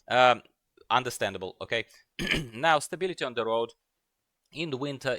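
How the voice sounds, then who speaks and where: A man with a low voice and a bright, punchy edge talks chattily as a channel host. He leans on words and repeats them for effect. He is recorded dry and close, with faint music behind him. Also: dry recording. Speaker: channel host translating an owner interview. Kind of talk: casual video commentary.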